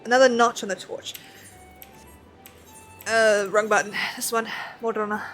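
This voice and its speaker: A woman chats casually while she streams a game, rambling from topic to topic with plenty of fillers. Her voice sits fairly high, and faint game music plays beneath it. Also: flat delivery, measured pace, a bit bright. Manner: rambling, chatty, self-deprecating with many fillers. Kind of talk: casual chat while playing.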